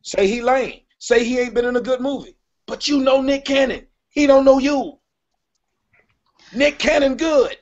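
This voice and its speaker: A high-pitched man argues on a live online stream. He presses his points, cuts in often and insists on finishing what he says. The audio is dull and lo-fi. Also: steady tone, normal speed. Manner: argumentative, cuts in, keeps repeating "wait a minute". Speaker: host of a live online hangout. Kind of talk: heated live debate. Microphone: online call audio.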